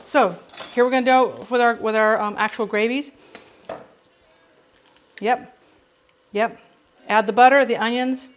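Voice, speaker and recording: Middle-aged woman, cooking host, slightly high voice, rambling chatty asides, kitchen with faint sizzling behind. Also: fairly even intonation, unhurried, pauses often, slight background noise, rough recording. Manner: rambling, warm storytelling with frequent asides to viewers. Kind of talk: chatty live cooking demonstration. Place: home kitchen. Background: sizzling frying pan.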